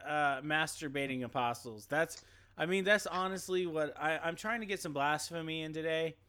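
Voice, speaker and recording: A man co-hosting a casual podcast, spinning rambling, irreverent tangents into a mic with a pop filter. His voice is very bright and forward. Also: fairly high pitch, moderate pace, clear, resonant tone. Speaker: podcast co-host. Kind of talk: casual chat.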